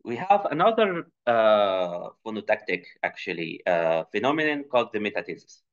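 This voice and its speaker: A man's voice: very animated, moderate pace. A man giving an academic conference talk, explaining slides with many fillers and restarts. English is not his first language; he grew up speaking Tunisian Arabic. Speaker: conference presenter. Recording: muffled low-fidelity recording.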